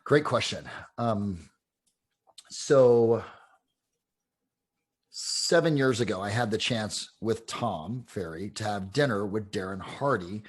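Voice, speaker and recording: Husky-voiced man telling coaching stories. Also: fairly low pitch, slow pace, long pauses. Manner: casual, animated anecdotes with many fillers. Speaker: real estate coach. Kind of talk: interview storytelling.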